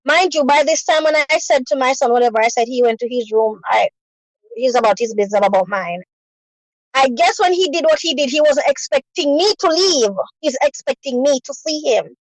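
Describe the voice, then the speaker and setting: A woman's voice: high-pitched, lively intonation, a little fast, no room sound, poor audio. A woman earnestly telling a personal story, often repeating herself and adding "you know". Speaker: guest sharing a personal story.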